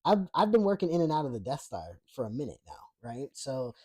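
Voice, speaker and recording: A man hosting his own podcast, ranting casually and bluntly with lots of swearing and frequent laughter. His voice sits at a middle pitch with a warm, mellow tone. He rambles, restarts and stacks fillers as he reacts to the chat. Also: very animated, brisk, husky. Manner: profane, blunt and laughing often. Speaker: podcast host. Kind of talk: casual political rant reading live chat.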